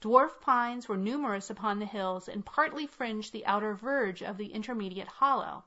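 A woman narrating a classic tale in a measured, unhurried reading. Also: mid-range voice, pushed and bright. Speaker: audiobook reader. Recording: dull lo-fi recording.

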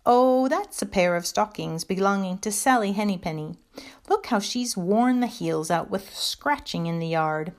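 A woman's voice: medium pitch, lively intonation, normal speed, natural voice. A woman voicing a stout, anxious hedgehog washerwoman in a storybook reading, chatty and deferential. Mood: polite, fussy. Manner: bobbing, deferential, chatty about the washing.

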